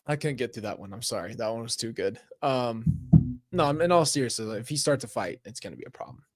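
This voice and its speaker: A man live-streaming as he reads an interactive mystery story aloud, excitable, breaking off to laugh and react. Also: medium pitch, fairly quick, no echo, studio quality. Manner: excitable, laughing and reacting between read passages.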